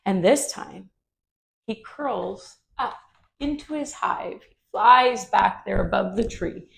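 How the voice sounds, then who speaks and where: Gentle woman telling a kids yoga story. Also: medium pitch, animated, takes it slowly, gravelly. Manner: gentle, asks the children questions.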